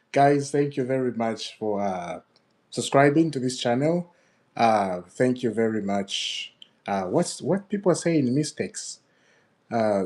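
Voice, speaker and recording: A man hosting his own football fan channel, ranting in an upset, animated way, laughing and repeating himself. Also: mid-range voice. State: upset, fuming. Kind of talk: ranting video commentary.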